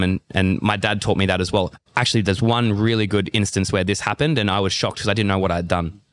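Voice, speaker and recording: A man's voice: fairly low pitch, fairly quick, hardly any pauses, clear, resonant tone, no echo. Australian man telling sporting stories. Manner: animated storyteller, acts out remembered dialogue. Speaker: guest athlete. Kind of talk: casual storytelling interview.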